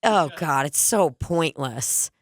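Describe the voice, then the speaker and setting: A woman's voice: sits low, lively intonation, slow, dry recording. A woman hosting a podcast in casual chat, giggly and playfully crude, getting worked up easily. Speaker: podcast host.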